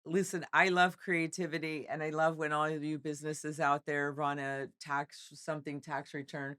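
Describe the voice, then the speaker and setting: A podcast co-host at a hotel event venue is losing her voice after a week of talking, yet she stays upbeat and speaks directly to her listeners. Her voice is low, clear, resonant, and fairly bright, with a flat delivery at a moderate pace. The recording is dry, with clean studio sound.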